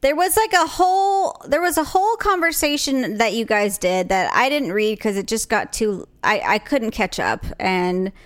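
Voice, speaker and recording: A woman's voice: a little high, animated, moderate pace, hardly any pauses. A woman co-hosting a casual chat, easygoing and teasing, often laughing. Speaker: podcast co-host.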